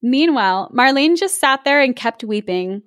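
A woman host reading a fairy tale aloud in an expressive, animated way. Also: high voice, normal speed, no echo, clean studio sound. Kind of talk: storybook reading with casual chat.

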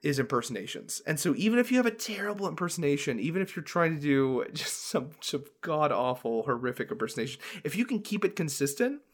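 A man's voice: fairly high pitch, very animated, fast, hardly any pauses. A man co-hosting a casual podcast, rambling with lots of fillers and laughing as he talks about running tabletop games. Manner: rambling, filler-heavy, laughs while talking. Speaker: podcast co-host and dungeon master.

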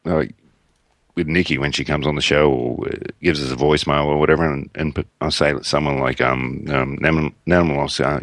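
A man's voice: rumbling low, fairly even intonation, fairly quick, a bit bright, no room sound. A man with an Australian accent, a podcast guest chatting casually with blunt, crude banter. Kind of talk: casual chat.

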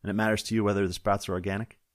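A man reading the lines of a weary, grumpy middle-aged sheriff in a dry, gruff way. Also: lowish voice, flat delivery, very fast, no room sound, lightly acted.

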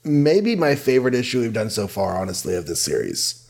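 A man's voice: medium pitch, sing-song, a little fast, creaky, a little mellow. A man co-hosting a podcast, chatting casually and thoughtfully, with hesitant restarts. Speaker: podcast co-host. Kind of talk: casual chat.

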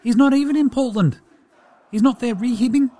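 A man doing a laid-back New Zealand basketball big man with a put-on New Zealand accent, rambling cheerfully in a comedy diary bit. The voice sits high and lifts brightly, and every few words get a chummy "bro" or "eh". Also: brisk, a faint crowd. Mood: easygoing.

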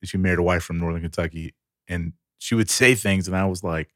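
Low-voiced man telling lively stories. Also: a little fast, no room sound, clean studio sound. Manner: animated storyteller who acts out quoted people. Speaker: podcast co-host. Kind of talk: casual chat.

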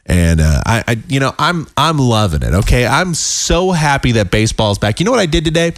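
A man hosting a casual solo podcast, talking in a rambling way with many fillers, his voice a little raspy and tired. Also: mid-range voice, big pitch swings, brisk, no echo. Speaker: podcast host. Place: home.

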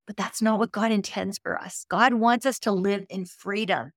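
A woman's voice: medium pitch, fairly even intonation, moderate pace, dry recording, clean studio sound. A woman, a Christian speaker and author, talking earnestly as a guest on a faith podcast and building to emphatic encouragement.

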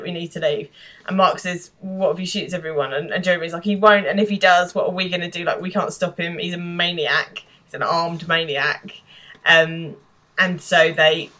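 Bright-voiced British woman recapping a show. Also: on the low side, poor audio. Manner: laughing, animated retelling with quoted lines. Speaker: podcast co-host. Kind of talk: casual chat recapping a TV episode.

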